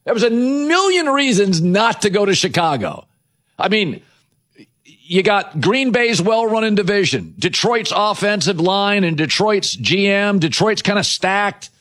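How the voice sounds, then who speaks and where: A man hosting a sports talk show, delivering an opinionated monologue with rhetorical questions and quick asides. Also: high-pitched, very animated, a bit bright. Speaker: sports radio host.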